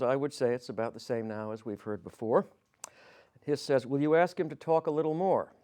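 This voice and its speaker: A man's voice: medium pitch, darkish tone. A man narrating a history podcast, reading out quoted dialogue with small shifts of tone and the odd correction of a slip. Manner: reads quoted dialogue with light changes of tone; slips and corrects himself as he reads.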